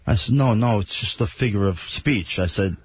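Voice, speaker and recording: A man telling a bawdy anecdote in a slow, blunt storytelling manner, played as an archive clip. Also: fairly low pitch, slightly rough, no room sound, highs cut off.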